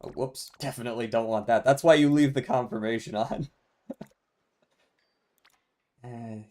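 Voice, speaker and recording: Speaking at normal speed in a warm, medium-pitched voice, a man plays a game on a live stream. He keeps things easygoing with his audience, laughs a lot, and muses as he goes.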